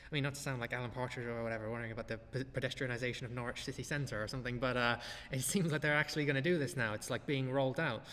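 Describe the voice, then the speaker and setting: A man's voice: medium pitch, very fast, few pauses, fairly bright tone, long reverb tail. A man hosting a podcast, giving blunt, profane, sardonic commentary. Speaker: podcast host. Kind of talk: casual commentary.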